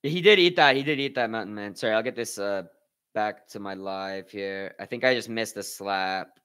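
A young man hosting a live watch party, commentating on slap fights with excitable, profane banter and shoutouts to his chat. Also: lowish voice, moderate pace, clean tone. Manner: excitable, swears a lot, talks to chat. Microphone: headphones with mic.

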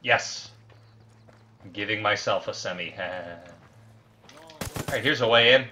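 A man hosting a casual gameplay session with loud, crude banter and bursts of shouting. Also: on the low side, unhurried, a little hiss or hum. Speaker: let's play host.

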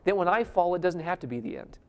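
A man preaching a sermon at a conference. He swings between loud emphasis and a hushed near-whisper, and he keeps asking the audience questions. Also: sits high, animated, fast. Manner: addresses the audience directly with questions. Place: conference hall before a live audience. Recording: long hall reverb.

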